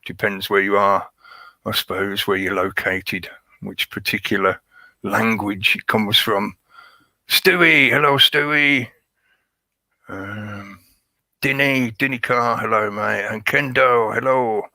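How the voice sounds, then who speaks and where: A man's voice: on the low side, fairly even intonation, slow, creaky, sharp tone, dry recording. A man hosting a livestream, rambling through a conspiratorial monologue and greeting his chat. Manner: rambling, conspiratorial, chuckles at his own jokes. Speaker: livestream host.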